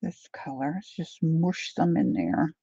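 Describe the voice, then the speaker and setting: Here a middle-aged artist paints on a livestream, laughing a lot and calling viewers by name as she chats. She speaks low and husky at a measured pace, warm-toned with vocal fry and big swings in pitch. The slightly dull lo-fi audio carries no room sound.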